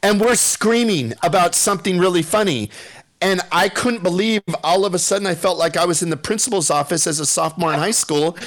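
Middle-aged male radio regular, slightly high voice, lively anecdote teller who keeps cracking up. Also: fairly quick. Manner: animated storyteller, laughs often, acts out quotes. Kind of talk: casual storytelling on a radio show.

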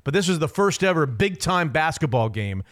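A man hosting a sports radio show, talking in an opinionated, emphatic, rapid way. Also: fairly high pitch, sing-song, a bit bright. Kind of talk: casual sports talk.

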